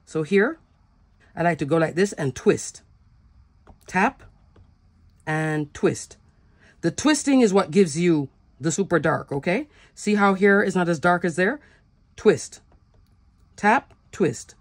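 A woman with a lowish, expressive voice hosts a step-by-step card-making tutorial, taking it slowly and pausing often. She chats through each step and laughs at herself now and then. The recording is dry.

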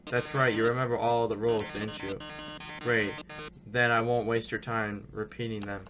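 A man's voice: on the low side, flat delivery, moderate pace, close to an everyday voice. Robot showman, male, theatrical, man reading it, game music bed. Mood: mock-tragic. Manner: theatrical, mock-sorrowful, drawling "darling". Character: flamboyant male killer robot TV star. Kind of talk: reading game dialogue aloud.

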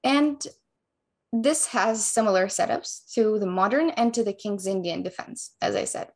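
A woman chess coach calmly and methodically explaining a chess opening, move by move. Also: mid-range voice, a little slow. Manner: calm, methodical explanation of moves.

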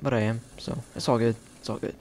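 A man with a gravelly, creaky voice chats his way through a game session, rambling and joking to his viewers. He breaks into sudden excited yells, and faint music plays behind him. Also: mid-range voice, fast talker. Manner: chatty, playful, bursts of excited shouting. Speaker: gameplay video host. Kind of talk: casual gameplay commentary.

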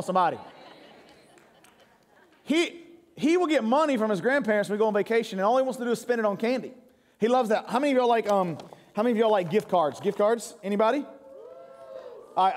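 A man preaches in a high voice. He jokes with his congregation and tells stories about home life. His voice rings with a long reverb through the church sanctuary. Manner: joking, crowd-engaging storytelling. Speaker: pastor. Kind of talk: sermon.

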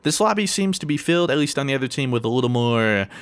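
A man's voice: medium pitch, fast talker, smooth. A young man giving live commentary on a game he is playing, yelping when startled and making cocky asides to viewers. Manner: excitable, yelps and squeals when startled. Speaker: gaming video host.

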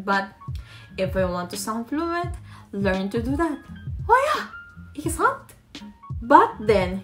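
Lady teaching a language, talks slow and kinda high, soft music behind. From Philippines. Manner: explains step by step, counts off tips. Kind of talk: language tutorial to camera.

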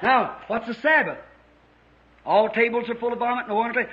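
A middle-aged man preaching a fervent, folksy revival sermon to a church congregation, his voice rising to shouts. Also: very high voice, very animated, normal speed, pauses often. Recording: muffled 1950s tape recording.

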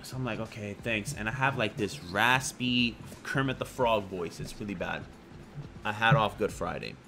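A young man vlogging, telling a personal story in a casual, animated way, full of slang and crude jokes. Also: fairly low pitch, moderate pace, creaky, faint music behind.

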